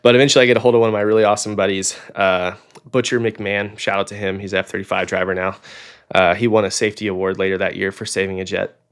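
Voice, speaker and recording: A young man from Oklahoma tells his story in a casual podcast interview. His voice sits very low, with a gravelly edge. He acts out the people he quotes, and "like" and "um" run all through his talk. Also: fast talker. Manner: animated storyteller, acts out quoted dialogue, frequent "like" and "um". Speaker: podcast guest, fighter pilot.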